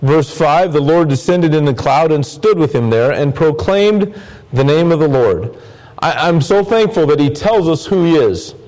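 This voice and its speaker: A man's voice: on the high side, animated, normal speed, a little mellow, poor audio. A man preaching a sermon as pastor, earnest, often repeating words and phrases for emphasis.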